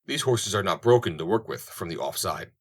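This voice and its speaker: A man's voice: deep voice, animated, fairly quick, a bit bright. A man voicing a poised, polite young woman who owns a ranch, in a western audiobook. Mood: advising. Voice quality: polite, composed.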